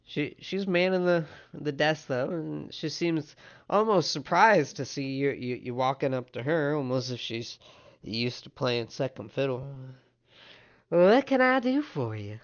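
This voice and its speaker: A man's voice: mid-range voice, fairly even intonation, unhurried, muffled recording. A man narrating as game master of a tabletop game, stumbling and restarting as he describes the scene. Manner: stammering restarts while narrating.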